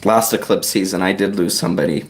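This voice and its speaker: Man, tarot reader, live stream, low-ish voice, soft-spoken, talks to viewers, emotional. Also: fairly even intonation, fast. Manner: chatty, talks straight to viewers; soft-spoken, gets choked up. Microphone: on-camera livestream mic.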